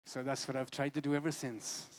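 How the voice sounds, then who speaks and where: A man's voice: medium pitch, little pitch movement, a little fast, noisy background. A man fronting a band, telling a rambling, jokey and wistful story on stage between songs. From Ireland. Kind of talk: stage banter and storytelling at a live concert. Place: live music venue.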